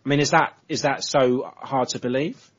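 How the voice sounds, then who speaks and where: A man's voice: mid-range voice, fairly even intonation, normal speed. An English man hosting a football podcast, hesitant and thinking aloud in casual chat. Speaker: podcast host. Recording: dull lo-fi audio.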